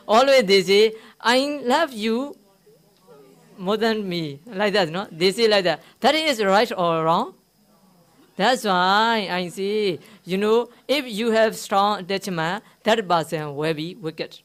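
In a meditation centre hall, a Buddhist monk gives a dharma talk to a live audience, speaking in a high, fairly bright voice at a measured pace. Using simple broken English, he asks the listeners questions and tells a teaching story, repeating key words.

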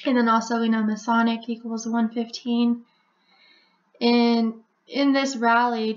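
Flat-voiced woman explaining a theory. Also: fairly high pitch, highs cut off. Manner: even, chatty, with frequent "like" and "so". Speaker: video host explaining number codes. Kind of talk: casual explanatory voice-over.

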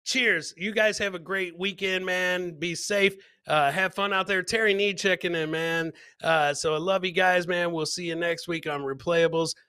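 A man's voice: high voice, steady tone, moderate pace, few pauses, clean tone, no echo, clean studio sound. Hyped man hosting a live show. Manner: hyped, shouts out to viewers, chuckles often. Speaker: podcast host. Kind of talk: casual live-show chat.

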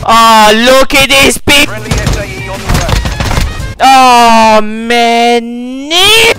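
A young man giving swearing, ranting gameplay commentary with loud outbursts. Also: very high voice, expressive, drawn-out words, over music. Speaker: gaming YouTuber.

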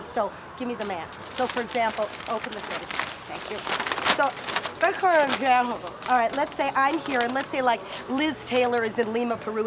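A woman in her forties hosting a comic chat show, brash and teasing with her guests. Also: a little high. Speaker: TV host interviewing celebrities. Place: outdoors on a street, then in a pub. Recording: noisy location audio.

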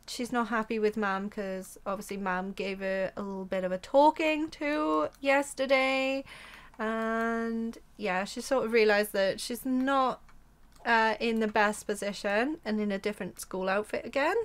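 A woman's voice: a little high, measured pace, clear, resonant tone. Chatty young woman narrating gameplay. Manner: chatty, laughs easily. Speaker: gaming channel host. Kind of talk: casual let's-play narration.

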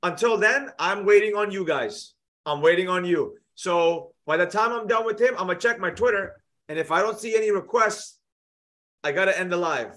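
High-voiced friendly host, casual. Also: male voice, fairly bright tone. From United States. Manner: friendly, repeats himself, quick asides. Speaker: host of a trading live show. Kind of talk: casual live-stream chat.

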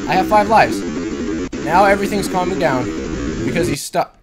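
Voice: medium pitch, brisk, shouting. A gaming channel host giving panicked let's-play commentary, shrieking and repeating words over and over. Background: game music.

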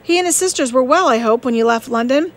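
A woman reading the part of a witty, sharp-tongued young woman in an audiobook, brisk and pointed. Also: high voice, natural voice.

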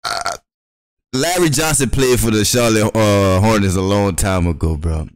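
A young man on a podcast telling a wild story with loud laughter and acted-out voices. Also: fairly low pitch, unhurried, dry recording. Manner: loud, laughing, acts out voices in his stories. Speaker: podcast co-host. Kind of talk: animated storytelling.

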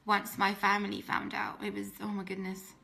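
A woman's voice: mid-range voice, monotone, normal speed, creaky, pushed and bright. A woman telling her personal faith testimony in an earnest, emotional way, often restarting her sentences. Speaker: testimony speaker.

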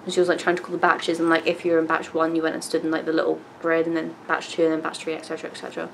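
A woman's voice: low voice, completely flat delivery, very fast, gravelly, slight background noise, rough recording. A young woman, telling a story casually to camera with lots of fillers and the odd swear. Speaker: vlogger.

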